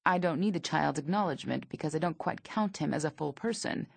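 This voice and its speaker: A woman in her thirties narrating her memoir in a dry, observational manner, with a husky, gravelly voice. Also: deep voice, brisk, dry recording. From United States.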